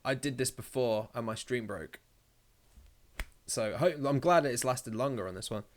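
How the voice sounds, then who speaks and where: A man's voice: medium pitch, measured pace. Man, live streamer, casual chat, reading comments, rambling, jokey, swears a lot.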